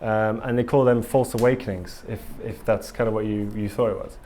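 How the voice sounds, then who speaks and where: A man's voice: lowish voice, fairly even intonation, a little fast, dark tone, slight background noise. A man giving a casual conference talk to a live audience in a conference room, earnest and rambling, with frequent ums and restarts. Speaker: conference speaker.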